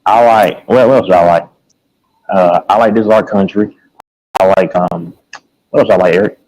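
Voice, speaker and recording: Low-voiced guy rambling about songs, keeps repeating himself, forgetting names. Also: fairly even intonation, normal speed, darkish tone, low-quality recording. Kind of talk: casual chat about music.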